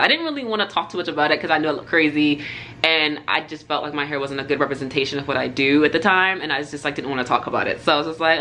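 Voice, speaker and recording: A woman's voice: sits low, animated, fast, pushed and bright, slight background noise. A young adult woman and pre-nursing student telling a rambling storytime in a chatty, casual way, full of fillers and asides.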